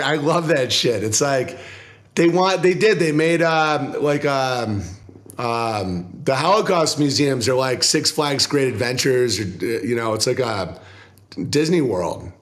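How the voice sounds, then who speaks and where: A male comedian guest telling profane, animated stories in casual interview chat, laughing often. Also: medium pitch, measured pace.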